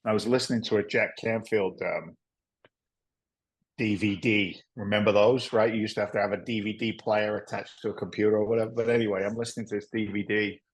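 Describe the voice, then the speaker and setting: A middle-aged man with a lowish voice, speaking as an interview guest. He tells his stories in a candid, rambling way, drops in frequent asides, and curses casually. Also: steady tone, a little fast, poor audio. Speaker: podcast guest, real estate investor.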